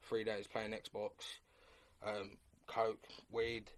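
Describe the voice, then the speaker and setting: A man's voice: lowish voice, completely flat delivery, extremely slow. A young man telling a personal story in casual conversation, rambling and repeating himself, often calling the listener mate. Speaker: guest.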